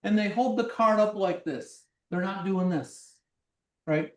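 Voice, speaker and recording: Middle-aged physics demo presenter, animated and loud, a bit off-mic in an echoey room. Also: medium pitch, a little slow, far from the mic. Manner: animated, acts things out, projects loudly. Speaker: physics lecture demonstrator. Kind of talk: live workshop presentation. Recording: roomy sound from away from the mic.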